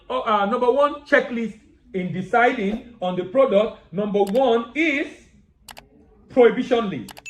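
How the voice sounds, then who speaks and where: A man who teaches the export business hosts a lesson, speaking directly to his viewers as he works through a numbered checklist and repeats key phrases for emphasis. His voice sits high, and the low-quality recording is reverberant.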